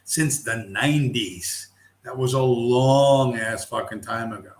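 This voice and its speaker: A man's voice: medium pitch, unhurried. A middle-aged man hosting a casual livestream, ranting bluntly with heavy profanity. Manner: blunt, heavily profane, heated. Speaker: livestream host. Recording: roomy echo.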